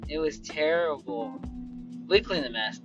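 A podcast host telling childhood stories in a casual, animated way, laughing often and loudly acting out quoted lines. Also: mid-range voice, unhurried, muffled recording, faint music behind. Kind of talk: casual storytelling.

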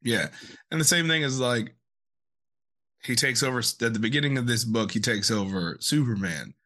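A man's voice: mid-range voice, sharp tone. A man co-hosting a casual podcast about comics, laughing often and stumbling a little when reading aloud. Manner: laughs often, reads synopsis haltingly. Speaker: podcast co-host. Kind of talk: casual chat.

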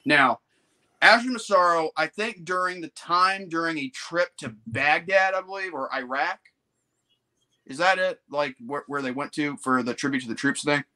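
A man's voice: fairly high pitch, moderate pace, bright, forceful tone. A man hosting a podcast, talking casually and meandering, leaning on filler words as he explains. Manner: meandering, full of "you know" fillers. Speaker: podcast host. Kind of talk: casual chat.

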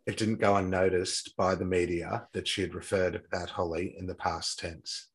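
A man's voice: sits low, level tone, moderate pace, hardly any pauses, husky, rough recording. A man retelling a true crime case from notes in casual talk, stumbling and restarting often. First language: not English-accented, says his English accent is poor.

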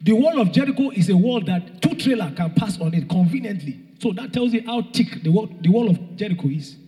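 A young man preaching a rousing sermon, shouting and half-singing phrases and calling out to the congregation. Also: high-pitched, lively intonation, fairly quick. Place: church hall. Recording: long hall reverb.

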